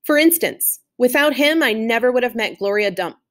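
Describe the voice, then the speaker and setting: A woman's voice: a little high, expressive, moderate pace, fairly bright tone. A woman teacher recapping and reading a chapter aloud to a class in a friendly, chatty way.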